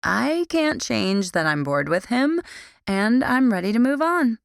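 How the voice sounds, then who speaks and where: A woman's voice: fairly high pitch, sing-song, a little slow, gravelly, clear, resonant tone, no room sound, clean studio sound, voice pushed up, exaggerated voice. A woman voicing a gossipy, pushy teenage girl who drawls in a confident, sing-song way. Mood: drawling.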